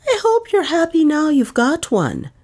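A woman's voice: on the high side, wildly swooping pitch, measured pace, darkish tone, pitched above the performer's own voice. A woman voicing a pert, eager maid with an ironic edge.

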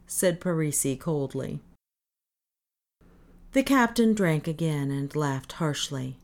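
Slow, low-voiced woman narrator. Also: lively intonation, darkish tone. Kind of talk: audiobook narration.

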